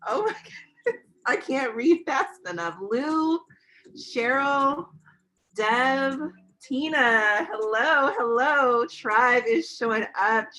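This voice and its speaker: A woman craft instructor greeting a big online class, excited and bubbly and laughing often, on a webcam mic. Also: on the high side, drawn-out words, rough recording.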